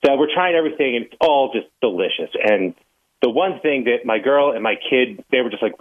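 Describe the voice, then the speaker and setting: A man's voice: mid-range voice, animated, a little fast. Male caller, easygoing storyteller, tinny phone line sound. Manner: easygoing, anecdotal. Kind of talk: call-in storytelling.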